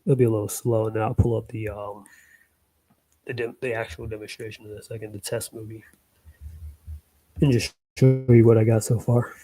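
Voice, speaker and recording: A man's voice: fairly low pitch, level tone, moderate pace, pauses often, rough recording. A man casually rambling about his own animation project, full of fillers and little chuckles. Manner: loose, filler-heavy, chuckling asides. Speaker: hobby animator.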